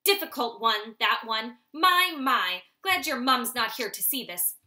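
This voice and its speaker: A woman's voice: on the high side, animated, measured pace, sharp tone, exaggerated voice. A woman voicing a fussy, scolding old blind female snake who tends the nest.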